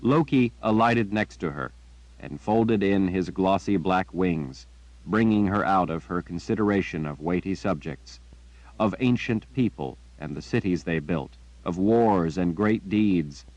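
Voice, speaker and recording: A man reading a fantasy novel aloud as a narrator, with measured, unhurried storytelling. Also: deep voice, a little mellow, no echo, rough recording. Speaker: audiobook narrator. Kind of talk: scripted narration.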